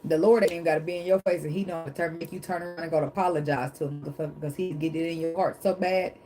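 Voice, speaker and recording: A woman's voice: sits low, fairly even intonation, quick pace, mellow, faint music behind, rough recording. A woman doing a casual tarot reading, talking emphatically and bluntly, with frequent swearing, laughter and preachy asides about faith. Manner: calls herself dramatic. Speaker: tarot reader.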